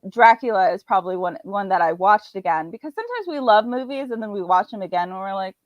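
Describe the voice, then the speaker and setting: A woman's voice: mid-range voice, fast, no echo. A woman guest in a casual interview, talking freely about books and films with many fillers. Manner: chatty, filler-heavy, acts out her own thoughts. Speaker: indie author and podcast guest. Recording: dull, slightly lo-fi dry sound.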